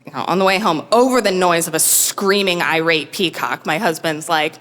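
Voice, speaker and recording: A woman telling a true story on stage in a wry, self-mocking, animated way. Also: fairly low pitch, moderate pace. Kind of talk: live comic storytelling. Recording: long hall reverb.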